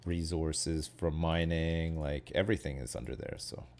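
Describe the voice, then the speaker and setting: A man in his thirties with a bass voice chats casually while hosting a game stream, his tone steady and a little mellow at a normal speed. He rambles and hedges, filling his talk with fillers and tag questions.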